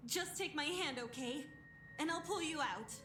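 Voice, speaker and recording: A woman reading the lines of a timid, self-blaming young woman from a game, slowly and hesitantly. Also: high voice, over music, pitched above the performer's own voice, natural voice.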